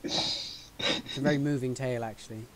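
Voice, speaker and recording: Male podcast co-host, bright and tense tone, teasing banter. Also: medium pitch, steady tone, normal speed. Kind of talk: casual chat.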